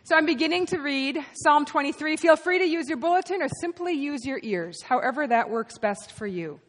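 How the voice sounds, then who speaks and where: A woman's voice: sits high, animated, fairly quick. A woman pastor giving a conversational, interactive sermon and inviting her congregation to speak up. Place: church sanctuary with long reverb. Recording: reverberant church hall.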